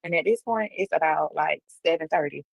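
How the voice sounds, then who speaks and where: A young adult woman telling a casual storytime on a livestream, animated and acting out the voices of people in her story. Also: sits low, a little fast, creaky, slightly rough, no echo, low-quality recording. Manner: animated, acts out quoted voices. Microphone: livestream computer mic.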